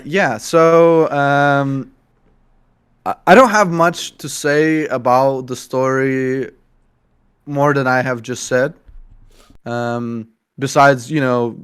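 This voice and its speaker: A man's voice: medium pitch, steady tone, slow, fairly bright tone, clear, resonant tone. A man co-hosting a casual book discussion, talking in a rambling, playful way. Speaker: book podcast co-host and game master.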